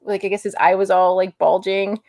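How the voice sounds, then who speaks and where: A woman's voice: medium pitch, flat delivery, brisk, darkish tone, dry recording, studio quality. A woman co-hosting a casual podcast chat about comic books, rambling with frequent restarts. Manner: rambling, many restarts, self-described nerd. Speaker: podcast co-host.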